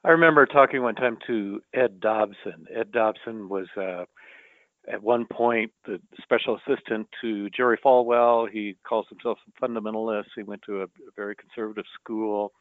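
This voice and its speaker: A male journalist, a guest in a conversation, retelling anecdotes in a measured, storytelling way. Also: lowish voice, steady tone, dry recording. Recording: tinny phone-like line, dry.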